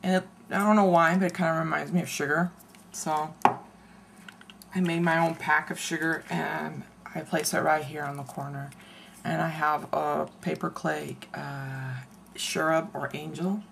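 A woman casually showing her handmade craft album, chatty and meandering, often pausing mid-sentence to search for words. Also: low-pitched, steady tone, gravelly, background noise. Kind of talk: casual show-and-tell craft video.

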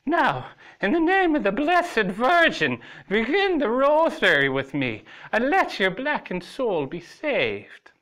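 A man's voice: a little high, animated, unhurried, sharp tone. A man voicing a haughty, domineering old woman, scolding her husband in a spooky story. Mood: fervent. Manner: imperious, scolding.

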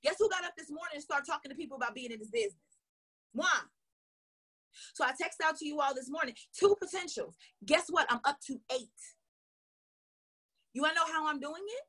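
A woman sales coach giving an energetic, emphatic motivational training talk. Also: high voice, brisk, long pauses. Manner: energetic, emphatic, acts out little dialogues.

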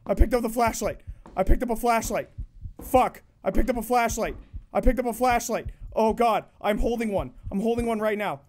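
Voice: mid-range voice, moderate pace, a little mellow. A streamer giving live horror game commentary, panicky and swearing, muttering reassurances to themself. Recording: noisy game ambience behind.

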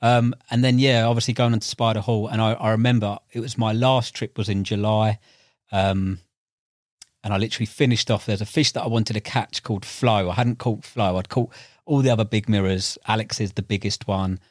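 A man's voice: fairly low pitch, a little fast, no room sound, clean studio sound. A young man, a podcast guest and carp angler, telling fishing stories in casual chat, full of slang and acted-out quotes. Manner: animated, acts out quotes, frequent fillers and slang.

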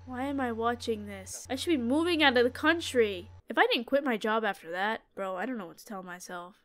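A woman's voice: on the high side, expressive, brisk, fairly bright tone. A woman streamer giving joking running commentary on a horror game as she plays, talking back to the game and screaming at the scares. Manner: jokey, talks to the game, screams at jump scares. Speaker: gaming streamer.

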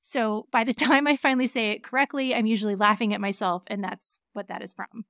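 A woman's voice: mid-range voice, steady tone, brisk, vocal fry, a bit bright, dry recording, clean studio sound. A woman attorney hosting a podcast in casual chat, with a faint Southern accent. She laughs easily and keeps steering her co-host back on track.

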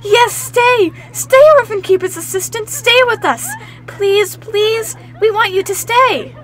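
A woman voicing a crowd of excited little children begging someone to stay, in a shrill, pleading way. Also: slow pace. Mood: joyful pleading. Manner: shrill, pleading, jumping with joy.

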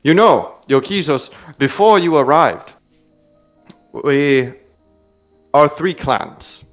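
A man's voice: a little high, lively intonation, takes it slowly, lo-fi sound, faint music behind. A man playing a sly courteous clan noble. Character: sly, smooth male clan noble lounging in a spa.

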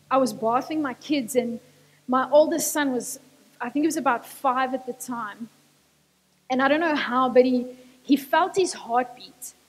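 High-voiced woman preaching in a church hall. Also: breathy edge. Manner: earnest, repetitive emphasis, switches into Afrikaans. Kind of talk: sermon. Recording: church hall with long reverb.

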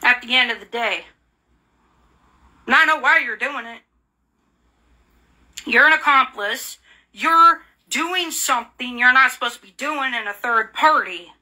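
A woman's voice: high voice, a little slow, pauses often, sharp tone. A woman in an angry, profane rant, hurling repeated insults and accusations. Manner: furious, profane, repetitive insults; bitter, accusing.

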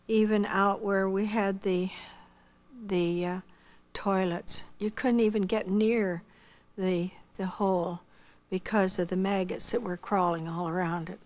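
A woman giving a spoken missionary testimony, telling her story earnestly and quoting the dialogue. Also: mid-range voice.

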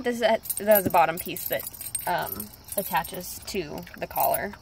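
A woman casually showing how she trains her dog, upbeat, with high excited bursts of praise. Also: normal speed, vocal fry, background noise. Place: outdoors near a street.

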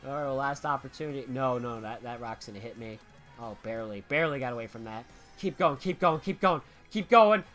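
A young man streaming a racing game live, muttering his moves and then yelling and swearing when he gets hit. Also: mid-range voice, a little fast, soft background music. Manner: swings from muttering to shouting outbursts, swears a lot. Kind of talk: live gameplay commentary.

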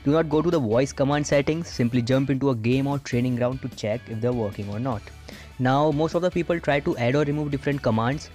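A man narrates a step-by-step gaming tutorial as a voice-over. His voice sits at an ordinary middle pitch, and his delivery is plain and instructive, moving through one step after another. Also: a little fast, a little mellow, soft background music. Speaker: gaming channel host.

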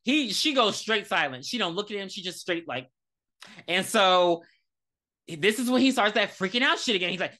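A woman co-hosting a podcast, recapping a movie in casual, profane, animated storytelling. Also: mid-range voice, moderate pace. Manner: animated, profane storytelling with dramatic quoted lines. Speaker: podcast co-host. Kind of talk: casual movie review chat.

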